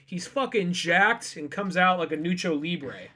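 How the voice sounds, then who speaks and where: Young man, co-host, relaxed storytelling, slightly high voice. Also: measured pace. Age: young adult. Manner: relaxed retelling of scenes, quoting dialogue. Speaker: podcast co-host. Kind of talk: casual chat.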